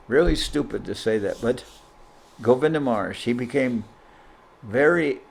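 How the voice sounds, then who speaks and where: A man, a spiritual teacher, telling a self-deprecating story in an informal talk over a video call. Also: mid-range voice. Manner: anecdotal, self-deprecating, animated when quoting.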